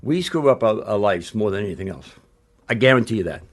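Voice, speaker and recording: A man's voice: fairly low pitch, lively intonation, fast. An older man, a retired basketball coach, telling stories in a casual interview, blunt and rambling, with frequent restarts and salty language.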